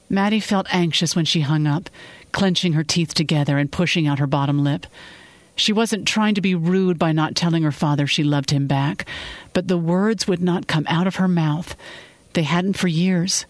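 A narrator reading a fiction episode in calm, steady storytelling. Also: mid-range voice, moderate pace, dry recording.

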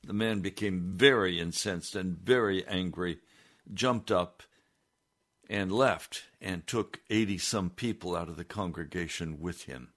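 A male preacher tells a story on a broadcast sermon in a low voice. He speaks slowly, in a measured and deliberate way. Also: a bit bright.

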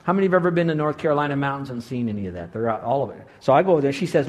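A man in his sixties preaching a sermon, telling a story with animated delivery and acted-out quotes. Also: racing, few pauses. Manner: animated storytelling, voices quotes with big pitch jumps. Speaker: pastor.

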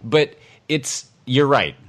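A man's voice: medium pitch, animated, slow, fairly bright tone. A man co-hosting a podcast in casual chat, making wry, teasing jokes. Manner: wry, joking, teasing asides. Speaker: podcast co-host.

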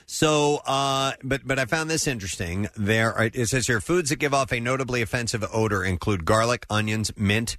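Radio host, man, bright, dry studio sound, laid-back reading. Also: medium pitch, normal speed, hardly any pauses, no room sound. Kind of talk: radio talk, reading notes aloud.

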